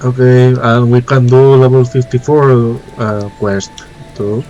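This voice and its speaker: A man's voice: medium pitch, flat delivery, takes it slowly, dark tone, dull audio, soft background music. A man with a flu, stuffy-nosed and out of breath, muttering casual commentary while playing a game. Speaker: let's play host.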